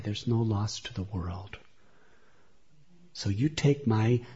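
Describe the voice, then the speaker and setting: A man's voice: fairly low pitch, darkish tone, husky, full character voice. A man voicing a devoted male disciple earnestly begging his guru, in a dull lo-fi recording.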